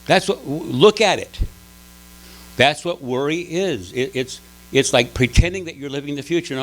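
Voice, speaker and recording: Animated man giving a sermon. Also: fairly high pitch, moderate pace, rough recording. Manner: animated storytelling, frequent restarts. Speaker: speaker at a spiritual center. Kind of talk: conversational sermon.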